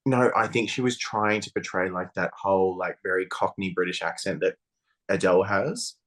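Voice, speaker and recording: A man co-hosting a podcast, chatting casually in a blunt, sweary and animated way. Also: low voice, normal speed. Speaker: podcast co-host. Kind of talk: casual chat.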